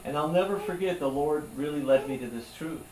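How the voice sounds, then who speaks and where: A man's voice: a little high, a little fast, a little mellow. A male pastor preaching a sermon in an earnest, conversational way. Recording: echoey room, voice from far off, faint hum.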